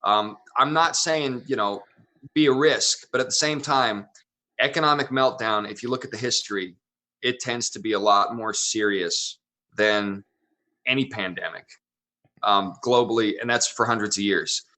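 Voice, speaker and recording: Bright-voiced opinionated male comedian guest. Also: fairly low pitch, normal speed. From Wyoming. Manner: opinionated, talks in long run-on thoughts. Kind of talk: casual interview.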